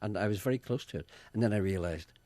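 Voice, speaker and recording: A man's voice: on the low side, fast, mellow, dry recording. A man hosting a casual radio chat, telling wry stories. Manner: wry, storytelling, reads listener letters aloud. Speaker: radio host.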